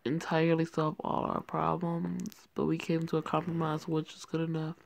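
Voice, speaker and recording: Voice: mid-range voice, completely flat delivery, normal speed, gravelly, few pauses, dry recording. A reader narrating a story aloud and breaking off for profane, slangy asides. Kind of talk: reading a story aloud with commentary.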